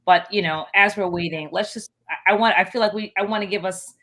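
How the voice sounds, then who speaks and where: A woman's voice: mid-range voice, fairly quick, fairly bright tone. A woman co-hosting a talk show, asking questions hesitantly with many fillers. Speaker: co-host. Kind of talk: casual chat.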